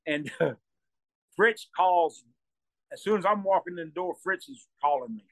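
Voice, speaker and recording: A man's voice: sits high, animated, normal speed, creaky, pauses often, no echo. A man telling a rambling story, repeating himself and laughing as he goes. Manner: acts out quoted voices loudly. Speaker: storyteller guest. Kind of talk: casual storytelling.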